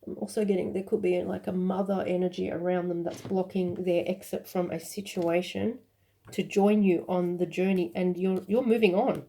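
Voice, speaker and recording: Woman tarot reader, casual and emotional, low mellow voice. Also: steady tone, moderate pace. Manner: intuitive, rambling, with fillers and self-corrections; emphatic and emotional at moments. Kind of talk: casual tarot reading to camera.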